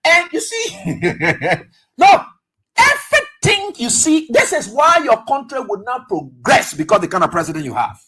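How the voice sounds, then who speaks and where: On talk radio, a host with a Liberian English accent offers animated political commentary at a measured pace, his mid-range voice husky as he acts out exchanges and poses rhetorical questions.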